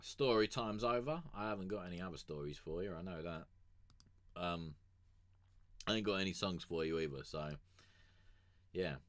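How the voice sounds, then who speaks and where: A man's voice: sits low, normal speed, pauses often, fairly bright tone, no room sound. A young man streaming, telling a story casually in a rambling, crude, swear-heavy way. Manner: rambling and crude, swears a lot, with many fillers.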